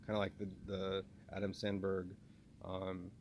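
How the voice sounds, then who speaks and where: A man with a faint Southern, Texan twang speaks in a fairly low voice, rambling through a spoken video journal. He refers to himself in the third person and keeps restarting and stumbling over his words. A faint ambient hum sits underneath. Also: little pitch movement, brisk, lo-fi sound. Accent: slight Southern US (Texan). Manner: talks about himself in third person, many restarts and stammers.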